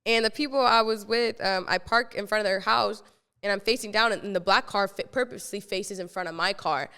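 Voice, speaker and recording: A young woman hosting a podcast and telling a story casually, animated, swearing freely and acting out what she said back then. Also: medium pitch, a little fast, clean tone, long reverb tail. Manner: animated, swears freely, acts out her own quotes. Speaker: podcast host.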